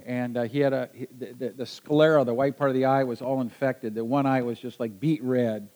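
A man recounting a personal adventure to a listener in a lively, halting way. He backtracks and restarts often as he builds the story, his pitch sitting in a middle range. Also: poor audio.

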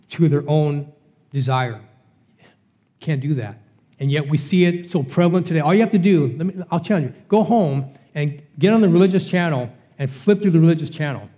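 A man's voice: on the high side, warm tone. A middle-aged man preaching a Bible study sermon in a conversational way, asking rhetorical questions. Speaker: pastor.

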